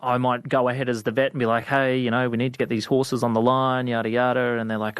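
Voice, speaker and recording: A man's voice: medium pitch, level tone, quick pace, hardly any pauses, clear, resonant tone, no room sound. A young Australian man, a rural vet, telling stories in an interview, laid-back and rambling with lots of fillers. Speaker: guest, outback vet. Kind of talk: storytelling interview.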